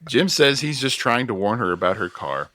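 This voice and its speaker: A man hosting a podcast, casually recapping a movie scene by scene with chuckles and quick self-corrections. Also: medium pitch, big pitch swings, sharp tone, no room sound, studio quality. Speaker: podcast host recapping a film. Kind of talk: casual plot recap chat.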